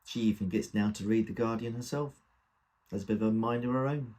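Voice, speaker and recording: A man's voice: fairly low pitch, brisk, warm tone. A man reading a comic dramatic monologue in the first person, with a wry, gossipy delivery. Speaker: reader.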